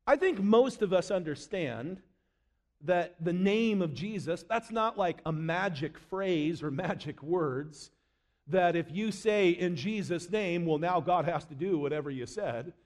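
Guy preaching a sermon, high voice, goes dramatic and hushed on quotes then pushes up loud. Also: lively intonation, a little slow. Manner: dramatic, drops low and quiet to quote scripture, rises for emphasis.

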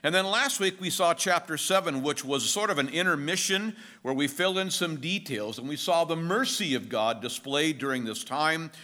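Bright-voiced male pastor preaching. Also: fairly high pitch, normal speed, few pauses. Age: middle-aged. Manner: conversational, with jokes and storytelling. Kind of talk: expository sermon.

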